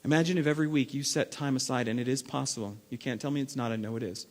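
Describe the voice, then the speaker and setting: A man preaching a sermon as lead pastor, acting out everyday scenes and swinging between loud bursts and hushed stretches. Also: medium pitch, quick pace. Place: church sanctuary. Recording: long reverb of a large hall.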